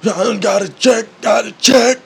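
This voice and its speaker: A man voicing a loud male gym bro who yells and chants to himself while lifting. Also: a little high, animated, extremely slow, voice pushed up, exaggerated voice. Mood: hyped. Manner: yelling, chanting, rapping to himself.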